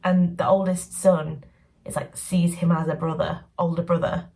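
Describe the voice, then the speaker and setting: A woman chatting casually in a book review vlog, sardonic and quick to mock the books she discusses. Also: fairly low pitch, level tone, vocal fry, mellow, distant mic.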